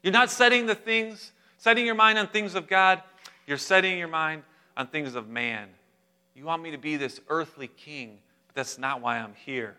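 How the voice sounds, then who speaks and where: Guy doing a steady teacher, firm and plain, bright voice. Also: a little high, moderate pace, clean tone. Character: calm, firm male teacher giving plain correction.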